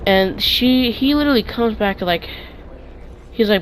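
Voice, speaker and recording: A man's voice: high-pitched, measured pace, slight background noise, low-quality recording. Rambling young guy telling stories. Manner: rambling, restarts often, loud excited retellings. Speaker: vlogger. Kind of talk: casual storytime. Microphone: clip-on mic.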